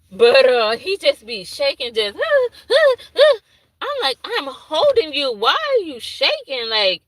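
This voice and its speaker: A woman with a high, bright voice tells a funny workday story. Her pitch swoops up and down, and she keeps laughing and acting out her own lines. The sound is dry and close. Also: no echo, poor audio. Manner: animated, laughing, acts out her own asides in dialect. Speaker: infant daycare teacher. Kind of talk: casual storytelling vlog.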